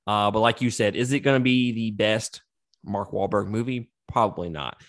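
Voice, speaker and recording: Co-hosting a casual movie review podcast, a man swears freely and laughs often in an animated way. His voice is on the low side at a moderate pace, captured in clean studio sound with no room sound.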